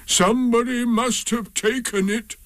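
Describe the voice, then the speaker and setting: A man's voice: extremely high pitch, steady tone, a bit bright, dry recording, pitched above the performer's own voice. Eeyore, a man doing a mournful old donkey. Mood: gloomy. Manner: slow, dragging, sighing delivery. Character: gloomy old grey male donkey, slow and mournful. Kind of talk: storybook reading.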